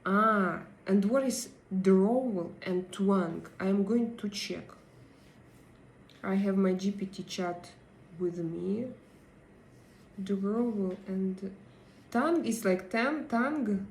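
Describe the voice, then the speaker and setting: A woman hosting a live stream and chatting with viewers, hesitant and pausing often as she searches for her English words. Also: medium pitch, reverberant, a little hiss or hum, low-quality recording. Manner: hesitant, many pauses and fillers while searching for English words. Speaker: livestream host. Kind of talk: casual live chat, answering viewer comments.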